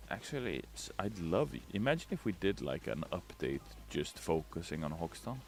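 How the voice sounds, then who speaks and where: A man streaming, casually reading viewer messages aloud in a loud, playful, chatty way. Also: low-pitched, sing-song, normal speed, hardly any pauses, soft background music. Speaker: game community streamer. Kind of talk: casual livestream chat.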